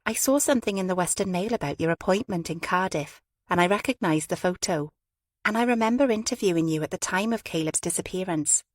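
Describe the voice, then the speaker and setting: Woman reader doing a calm ex-cop, low, polite but firm, dry close sound. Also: fairly quick, no room sound, natural voice. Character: former woman police officer, calm, tactful.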